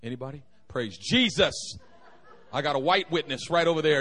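A man's voice: a little high, lively intonation, normal speed, bright, forceful tone. A young man preaching a humorous sermon in a church, telling stories and joking with the congregation. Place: church sanctuary.

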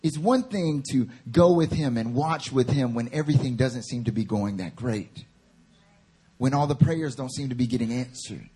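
A man preaching a sermon at a prayer meeting, moving from quiet teaching to fervent, rising appeals. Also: mid-range voice, normal speed, breathy edge.

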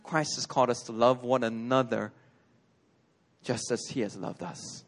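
A male pastor giving a conversational sermon in a church, telling personal stories with animated delivery and laughter. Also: mid-range voice, moderate pace.

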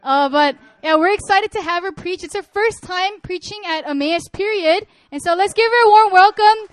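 Woman doing a jokey rambly intro for the guest speaker, super high voice. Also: moderate pace, no echo. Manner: joking, rambling. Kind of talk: casual announcement.

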